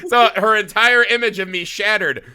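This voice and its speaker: A man in his thirties from the US Midwest, a podcast host telling a story in casual chat, swearing and acting out shouts with laughs. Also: high-pitched, normal speed, clear, resonant tone. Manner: animated, swearing, acts out shouts and laughs while telling stories.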